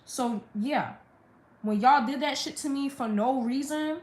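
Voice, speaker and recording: A woman's voice: high voice, unhurried, darkish tone. A young woman on a live stream, venting a blunt, profane storytime rant about her family. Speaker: livestreamer. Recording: roomy echo.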